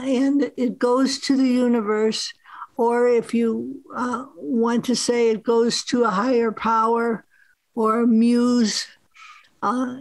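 A woman author gives a master class with a very slow, measured pace and frequent "uh" pauses. Her voice sits fairly high. The sound is dry and close. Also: no echo, rough recording. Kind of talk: workshop talk. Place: film festival master class.

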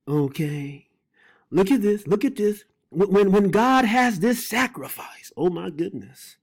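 Fervent, overwhelmed preacher with wide pitch swings. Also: lively intonation, a little slow. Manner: overwhelmed and exclamatory, repeating phrases and praying aloud; laughs and breaks off mid-sentence. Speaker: Bible teacher. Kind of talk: fervent Bible teaching.

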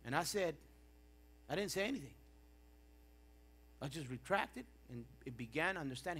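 A middle-aged male pastor preaching a sermon in a church, swinging between quiet reflection and impassioned bursts. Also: on the high side, big pitch swings, normal speed, pauses often, a little hiss or hum. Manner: impassioned preaching with rising and falling intensity.

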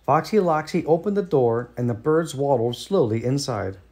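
A man with an American accent reading a children's storybook aloud in a lively, expressive way. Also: mid-range voice, normal speed.

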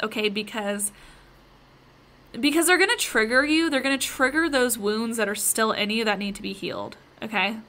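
A woman hosts a spiritual podcast in a loose, chatty monologue, full of fillers and direct asides to her listeners. Her voice sits a little high and sounds bright and forceful. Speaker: podcast host.

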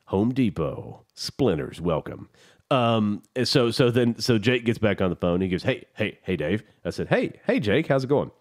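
A man co-hosting a podcast, telling a story in a casual, profane, animated way. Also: lowish voice, moderate pace. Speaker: podcast co-host. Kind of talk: casual chat.

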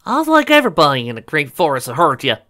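A man's voice: a little high, huge pitch swings, quick pace, sharp tone, voice pushed up, exaggerated voice. A man doing a sly, teasing rabbit woman.

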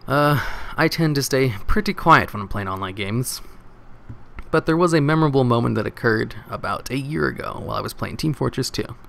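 A man narrating a story from an online post, expressive and wry, with a few stumbles over words. His voice sits at an ordinary middle pitch for a man. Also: a little fast, vocal fry. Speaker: narrator reading online posts. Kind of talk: first-person story reading.

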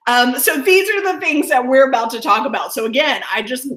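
A woman's voice: high voice, brisk, a bit bright, echoey room. A woman wildlife educator giving an enthusiastic online presentation over a video call, often laughing as she explains.

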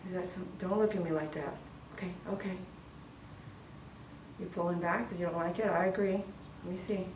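A woman dog groomer giving casual running commentary while she works, chatty and softly cooing to the dog. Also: lowish voice, fairly even intonation, fairly quick, noisy background. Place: grooming salon. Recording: echoey room, mic at a distance.

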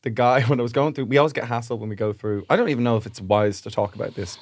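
An Irish man, a comedian co-hosting a podcast, telling a wry, self-deprecating anecdote in relaxed casual chat. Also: mid-range voice, rapid-fire, no echo, clean studio sound.

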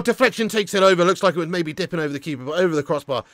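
A man hosting a live football watch-along, commentating as an excitable, swearing fan. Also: high voice, racing, hardly any pauses, dry recording, studio quality.

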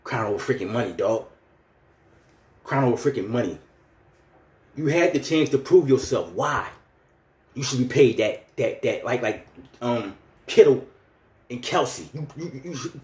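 A fired-up man in his thirties goes on a heated fan rant, loose and slangy. His Philly is clear, and his mid-pitched voice rings in an echoey room. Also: lively intonation, a little slow, long pauses, a little mellow. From Philadelphia. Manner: heated, ranting, street slang. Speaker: vlogger.

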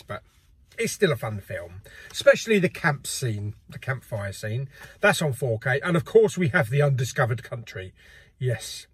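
Husky, chatty man. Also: medium pitch, no echo. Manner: chatty and jokey, laughs often. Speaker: host. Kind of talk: casual chat.

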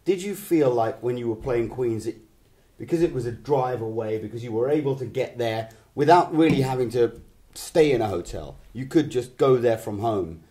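A man's voice: mid-range voice, moderate pace, few pauses, dark tone. A man in casual conversation as co-host, asking long, winding questions. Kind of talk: casual chat.

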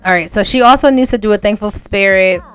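A chatty woman commentating on her gameplay, with a medium pitch. She laughs often and talks to her viewers directly. Faint music plays underneath. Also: quick pace, a bit bright, smooth. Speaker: gaming channel host. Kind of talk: casual let's-play commentary.

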